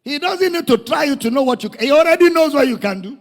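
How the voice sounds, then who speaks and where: A man's voice: very high-pitched, fast. A man with a Nigerian accent preaching a dramatic sermon, calling out to his congregation. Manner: dramatic, animated, calls out to the congregation. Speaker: pastor. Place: church. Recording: echoey hall.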